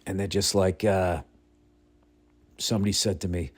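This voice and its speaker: A man with a low, deep voice hosts a podcast in a casual, rambling monologue. He talks bluntly and swears freely, and his stories tumble out with excitable energy. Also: normal speed. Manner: profane, blunt, excitable storytelling. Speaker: podcast host.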